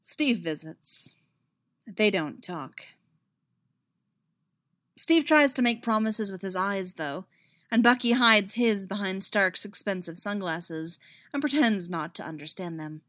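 Lively, wry woman reading a story. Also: mid-range voice, takes it slowly, pauses often, dry recording. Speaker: story narrator. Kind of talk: reading a fan-fiction story aloud.

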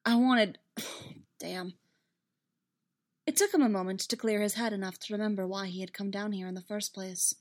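A woman narrates a story aloud in an even, steady reading manner. Her voice sits at a middle pitch. She keeps a plain, measured delivery through the narration. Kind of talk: fan fiction read aloud.

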